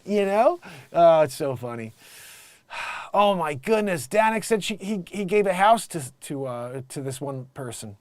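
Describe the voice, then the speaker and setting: A man hosts a comic news commentary with a fairly high, very lively voice that swoops up and down. He mocks what he sees and slips into short character voices for the people he describes. The sound is dry and close, with no room echo. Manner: animated, mocking, does quick voices in quoted bits. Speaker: host. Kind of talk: casual comedic commentary.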